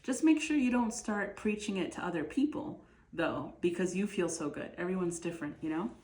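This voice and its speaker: A woman's voice: fairly low pitch, fairly quick. Chatty woman giving a tarot reading, echoey room. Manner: relaxed, chatty, many fillers and restarts. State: bit of a cough and hiccups. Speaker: tarot reader. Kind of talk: casual spoken tarot reading to camera.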